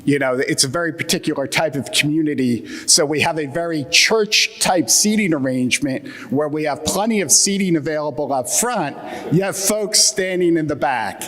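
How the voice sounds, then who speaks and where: A man's voice: fairly high pitch, moderate pace, fairly bright tone, in a large hall. A man from the Philadelphia area giving a conference talk with a Philadelphia accent and a wry, joking lecture tone. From Atlantic Midland United States. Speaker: conference speaker. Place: conference hall.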